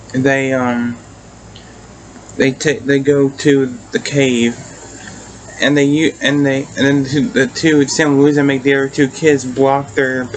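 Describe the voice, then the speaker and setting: A man talks through an episode review in a loose, rambling way, stopping and restarting his sentences as he goes. His pitch sits in an ordinary middle range, and he swears offhandedly. Faint ambient noise hums behind him. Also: low-quality recording. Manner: rambling retelling, many fillers and restarts, casual swearing. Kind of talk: casual video review.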